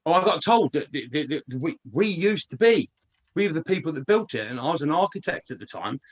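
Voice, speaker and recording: A man co-hosting a casual chat, telling stories excitedly and repeating words as he rushes on. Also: fairly high pitch. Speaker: co-host.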